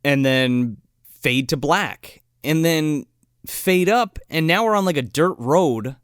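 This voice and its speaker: Smooth-voiced man recapping a bad movie. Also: a little high, takes it slowly, no echo, studio quality. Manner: rambling, swears a lot, acts out characters' lines. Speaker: podcast co-host. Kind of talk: casual profane movie recap.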